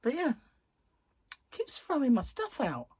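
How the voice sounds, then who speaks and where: A middle-aged woman with a husky voice, hosting a rambling, casual chat and telling anecdotes with frequent laughs. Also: high-pitched, wildly swooping pitch, a little slow, darkish tone. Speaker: host.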